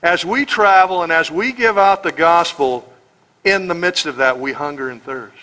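Emphatic, sarcastic American pastor, bright voice. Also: male voice, fairly high pitch, normal speed, rough recording. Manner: sarcastic, emphatic, rhetorical questions. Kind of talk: expository sermon.

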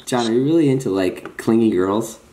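A playful man chats and teases through a casual vlog, often pushing into loud, mock-dramatic outbursts. His pitch swings widely from line to line, and his tone stays lighthearted throughout. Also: animated, brisk, slight background noise. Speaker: vlogger host. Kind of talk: casual joking vlog chat.

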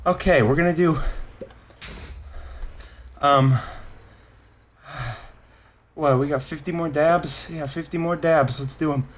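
A man's voice: a little high, steady tone, slow pace, pauses often. Winded man streaming live to chat. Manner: chatty, answers viewers, counts off exercise reps. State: winded, out of breath.

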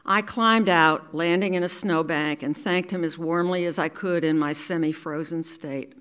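An older woman from New York City reads her own memoir aloud. Her voice sits notably low and unhurried. She tells the story in a measured, deliberate way. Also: fairly even intonation, a bit bright, clear, resonant tone. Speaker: resident reader.

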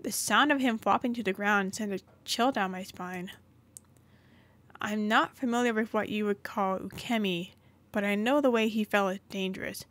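A woman's voice: mid-range voice, moderate pace, a bit bright. A woman hosting a gaming channel, reading a story game's narration aloud with occasional asides.

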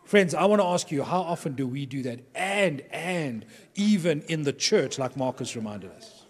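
A man's voice: on the high side, lively intonation, moderate pace. A man from Durban, South Africa, telling humorous anecdotes to a live audience of pastors and acting out the people he quotes. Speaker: workshop speaker to pastors. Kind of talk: storytelling talk to a live audience. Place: large hall with an audience. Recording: long hall reverb.

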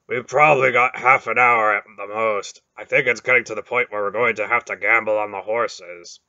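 A man doing a booming big warrior. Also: steady tone, moderate pace, bright, forceful tone, no room sound, muffled recording. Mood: grim. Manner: blunt, booming demands. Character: gruff big red-bearded warrior man.

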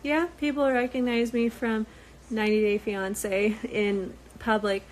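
A woman's voice: on the high side, level tone, a little slow, slight background noise, poor audio. A young woman chatting casually with viewers, loose and rambling with frequent ums, sounding tired. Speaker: reality show cast member talking to viewers.

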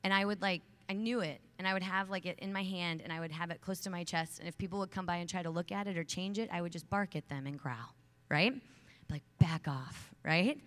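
Earnest woman speaker, lowish voice. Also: fairly even intonation, fast talker, fairly bright tone. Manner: earnest, heartfelt, emphatic; chatty storytelling with many fillers. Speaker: conference speaker. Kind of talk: motivational talk to young women. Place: large conference hall stage.

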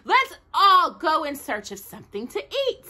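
A perky little toy tin soldier from a storybook, as a woman reading aloud puts him on. He calls out high and bright with big, lively swoops of pitch. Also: extremely slow, full character voice. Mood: rallying.

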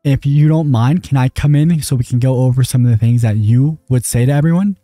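A young man, a gaming host, talking his way through a voice-chat game in a playful, smooth-talking, jokey manner. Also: mid-range voice, fairly quick, warm tone, faint music behind. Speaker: gaming YouTuber. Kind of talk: playing a voice-chat game on camera.

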